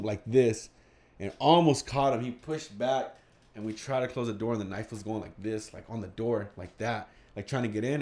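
A young man telling a story casually among friends, animated and swearing, acting out the quotes. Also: on the low side.

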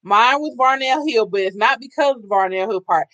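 A man hosting a casual chat about TV shows, reacting excitedly and asking questions. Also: very high-pitched, a little fast, dry recording.

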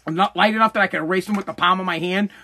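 A man's voice: high voice, rapid-fire, a little hiss or hum. A middle-aged man telling a casual story and ranting, swearing constantly and cutting himself off mid-sentence. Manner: swears constantly, animated, self-interrupting. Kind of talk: casual profane storytelling rant.

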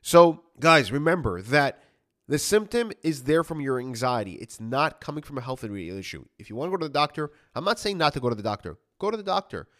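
Thirties male anxiety coach, solo podcast, earnest and animated, slightly high-pitched. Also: a little fast. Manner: earnest, animated, acts out inner thoughts, says "like" a lot. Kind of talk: podcast monologue.

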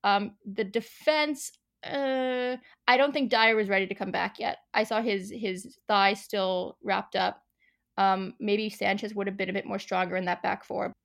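A frank, easygoing woman from Boston talks football as a guest on a casual podcast. She often pauses with um as she works through her points. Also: mid-range voice, steady tone, creaky, a bit bright.

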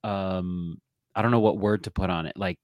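A man's voice: low voice, steady tone, moderate pace, no room sound, lo-fi sound. A man co-hosting a podcast, chatting casually about an episode, laughing often and restarting his sentences. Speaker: podcast co-host. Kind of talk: casual recap chat.

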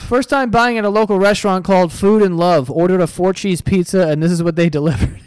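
A male podcast host with a somewhat high, smooth and clear voice, talking in a casual, blunt and emphatic way. The sound is dry and close, with no room echo. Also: fairly quick, hardly any pauses, a little mellow. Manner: emphatic, blunt, swears freely. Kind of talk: casual podcast chat and ad reads.

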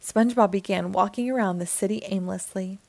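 A woman narrating a children's storybook aloud, with an expressive, clear delivery. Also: medium pitch, fairly quick, no echo. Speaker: children's book reader.

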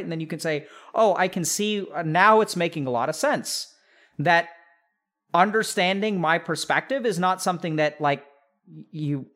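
A man with a notably high voice talks casually to a live chat, coaching his listeners step by step. He keeps checking in with rhetorical questions as he goes. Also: a bit bright. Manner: direct, coaching, frequent rhetorical check-ins. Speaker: podcast host giving mental health advice.

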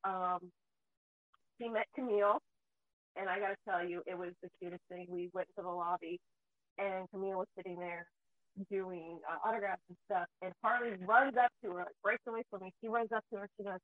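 A woman's voice: medium pitch, fairly even intonation, a little fast, dry recording. A woman, a mother, chatting casually as a host and telling stories freely with plenty of swearing. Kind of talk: casual chat. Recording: tinny phone-like dry sound.

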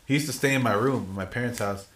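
Young male co-host, laid-back casual chat, mid-pitched, distant roomy mic. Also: fast, a bit bright. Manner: laid-back, swears, laughs along. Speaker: podcast co-host.

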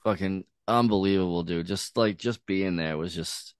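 A man's voice: low voice, moderate pace, clear, resonant tone, no echo, studio quality. A man telling a laid-back story as a podcast host, swearing often and filling his talk with "like" and "dude". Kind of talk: casual storytelling chat.

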